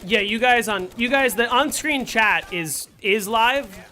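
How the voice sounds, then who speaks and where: A man's voice: high-pitched, a little slow, pushed and bright. A young man streaming a game and chatting casually with his viewers, answering them with playful sarcasm. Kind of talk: casual live-stream chat while playing.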